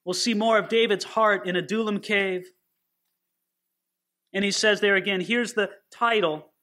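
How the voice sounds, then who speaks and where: High-voiced earnest male Bible teacher. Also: steady tone, a little slow, pushed and bright. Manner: earnest, puts questions straight to the listeners. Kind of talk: sermon-style Bible teaching.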